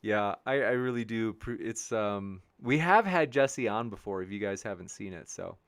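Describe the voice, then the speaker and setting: A man's voice: lowish voice, lively intonation, normal speed, no room sound, clean studio sound. A man hosting a debate show live stream, reading viewer comments in a rambling, upbeat way, with many restarts. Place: home studio with a backdrop sheet behind.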